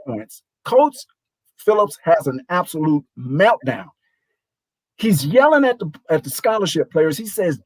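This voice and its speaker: A man in his sixties, a show guest, telling a lively anecdote and acting out the voices of people in it. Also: fairly high pitch, measured pace, no room sound, rough recording. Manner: animated, acts out quoted voices. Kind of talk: storytelling anecdote.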